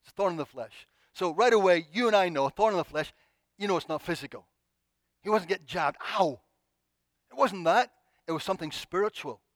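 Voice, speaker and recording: High-voiced man preaching a sermon. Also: fast talker, no echo. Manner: expressive, acts out pleading prayers.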